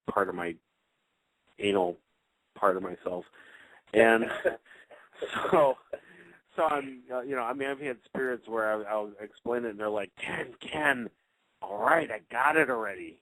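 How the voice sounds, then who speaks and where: A man's voice: on the low side, no room sound, rough recording. A man, a paranormal investigator, chatting casually on a radio show, rambling with many fillers and restarts.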